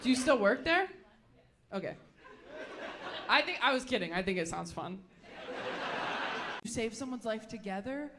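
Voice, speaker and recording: A woman comedian doing brash, sarcastic stand-up with quick crowd banter. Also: a little high, lively intonation. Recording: echoey theater with loud crowd noise. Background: audience laughter.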